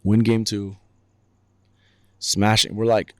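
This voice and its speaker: Low gravelly guy on a podcast, talks fast, dry close mic. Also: no echo. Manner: animated, acts out quotes with raised voice. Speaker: guest, baseball director. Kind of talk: casual storytelling in a podcast interview.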